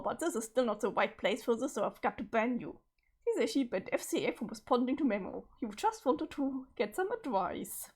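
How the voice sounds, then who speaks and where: A woman voicing a hot-tempered, foul-mouthed teenage troll boy leader while reading a webcomic aloud, with a sarcastic, swearing rant. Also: a little high. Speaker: streamer.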